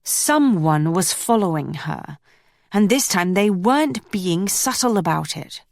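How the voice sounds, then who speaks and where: A woman reading historical romance narration in a measured, steady storytelling manner. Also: on the low side, vocal fry. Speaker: audiobook narrator. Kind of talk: scripted narration.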